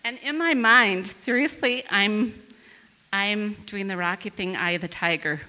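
Lively woman telling a story in a big hall. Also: mid-range voice, unhurried. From northern Wisconsin. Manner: lively, acts out quoted voices. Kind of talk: storytelling to a live audience.

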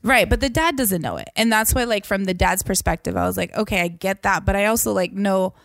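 A woman's voice: mid-range voice, brisk, gravelly, no room sound. Chatty woman telling stories, dry mic. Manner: chatty storyteller, lively quoted voices. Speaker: podcast co-host. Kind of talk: casual chat.

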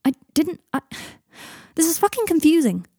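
A woman's voice: sits high, expressive, normal speed, gravelly, warm tone, no room sound, clean studio sound, pitched above the performer's own voice. Woman doing a flustered, exasperated young man. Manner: raised and exasperated.

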